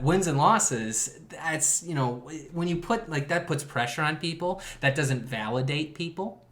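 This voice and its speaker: A man's voice: on the high side, lively intonation, a little slow, a bit bright. A man co-hosting a casual podcast, ranting sarcastically and laughing often. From Chicago area. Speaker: podcast co-host. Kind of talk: casual chat.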